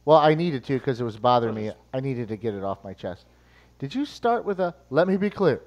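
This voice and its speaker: A man's voice: medium pitch, big pitch swings, brisk, a little mellow, highs cut off. A man co-hosting a comedy show, needling his colleagues with teasing questions. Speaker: co-host. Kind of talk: casual comedic banter.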